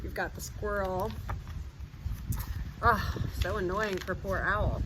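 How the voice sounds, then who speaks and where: A woman's voice: medium pitch, fairly even intonation, takes it slowly, pauses often. A woman reading a children's picture book aloud outdoors, chatting with young listeners between pages and acting out the animal sounds. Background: sirens and street noise.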